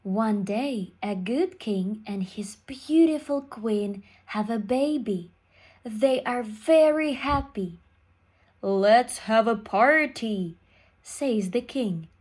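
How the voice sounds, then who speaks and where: A woman reading a fairy tale aloud to young children. She speaks very slowly and clearly, in short, simple sentences. Her voice sits a little higher than most women's. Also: expressive, dark tone.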